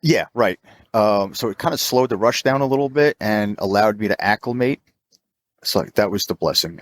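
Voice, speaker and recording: A man in his fifties telling a long story in casual chat, jumping into a higher pitch to act out the people he quotes. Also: no room sound, studio quality. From New York. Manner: animated, acts out quoted voices in a higher pitch. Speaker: mobile auto technician, podcast guest.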